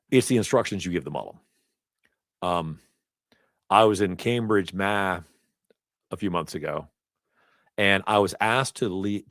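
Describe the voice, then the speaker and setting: Male instructor, low and animated delivery, conversational lecture style with self-corrections, dry recording. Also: dry recording. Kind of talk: live certification lecture. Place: training event room.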